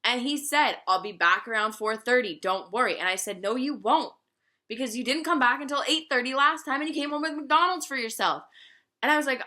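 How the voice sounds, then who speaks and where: Bright-voiced young woman telling a story. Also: a little high, brisk. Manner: candid and profane, laughing often. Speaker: vlogger. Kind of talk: casual storytime.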